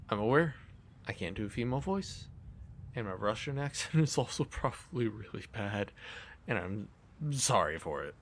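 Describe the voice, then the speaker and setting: A man's voice: lowish voice, animated, moderate pace, a bit bright. A man streaming a game, commenting live in a self-deprecating, apologetic way.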